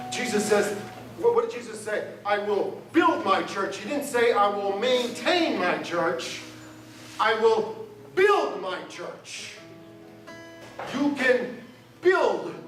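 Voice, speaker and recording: A man preaching a sermon to his congregation, conversational and joking with them. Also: high voice. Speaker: pastor. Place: church sanctuary. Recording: roomy church sound from a distance. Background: guitar music.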